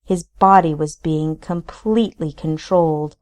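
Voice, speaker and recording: A woman, the author, reading her own novel aloud in deliberate audiobook narration. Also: deep voice, a little mellow.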